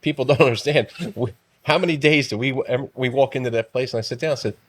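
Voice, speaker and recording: A man's voice: medium pitch, quick pace, slight background noise. A man in his fifties co-hosting a podcast, telling teasing stories in a casual chat. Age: 50s. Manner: animated storyteller, teasing. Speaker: podcast co-host.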